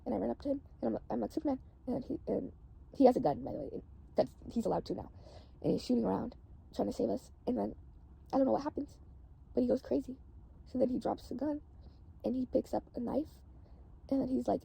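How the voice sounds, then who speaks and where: A woman's voice: fairly high pitch, quick pace, vocal fry, long pauses, warm tone, husky. A woman casually recounting a dream, rambling and saying "like" constantly.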